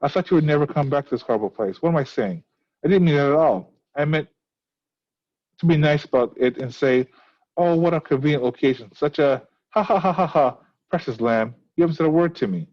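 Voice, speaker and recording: A man reading aloud the lines of a vain, nervous older Southern woman from a script, in a rushed, flat way. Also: on the high side, highs cut off.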